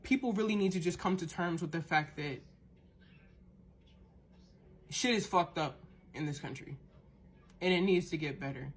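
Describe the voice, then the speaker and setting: A woman's voice: fairly low pitch, fairly quick, slightly rough. A woman hosting a podcast, ranting in a heated, profane monologue and often repeating and restarting words as she gets worked up. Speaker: podcast host.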